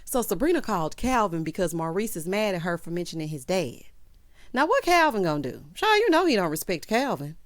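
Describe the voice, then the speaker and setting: Sassy animated woman recapping a show. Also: fairly low pitch, dry recording, clean studio sound. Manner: animated, sassy, calls listeners child and honey; acts out characters' lines in quick quotes. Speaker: TV recap host. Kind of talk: casual episode recap.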